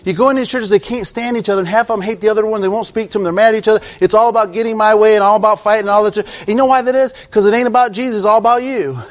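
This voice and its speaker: A man preaching a sermon as pastor, swinging from quiet pleading to loud shouting. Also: high-pitched, fairly even intonation, rapid-fire, hardly any pauses.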